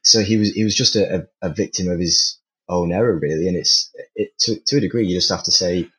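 On a casual panel, a man gives his views in a low, slightly bright voice at a brisk clip, captured on a rough recording. His rambling sentences keep restarting, and he occasionally laughs at himself.

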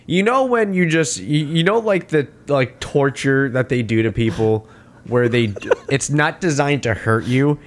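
A man in a casual film chat, rambling in an animated and exasperated way. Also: medium pitch, a little slow.

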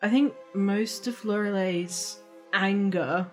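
A woman playing in a tabletop role-play. She talks casually and fills her sentences with "like". Her voice sits at a mid pitch. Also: slow, a little mellow, faint music behind. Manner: casual, chatty, full of "like". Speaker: player.

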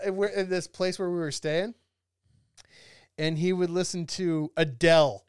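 A man in his forties tells Army stories on a casual podcast. His voice sits a little high and comes through smooth and clean. He swears freely and laughs often as he talks. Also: measured pace, dry recording, studio quality. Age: 40s. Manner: animated storyteller, profane, laughs often. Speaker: podcast co-host, former Army officer.

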